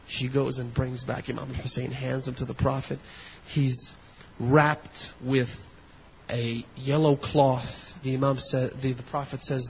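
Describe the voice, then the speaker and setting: A male preacher delivering a sermon, moving between hushed storytelling and impassioned near-shouting, with a husky voice. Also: mid-range voice, fairly even intonation, measured pace, a little hiss or hum. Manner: impassioned, builds to near shouts and weeping intensity. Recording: dull lo-fi audio in a long-reverb hall.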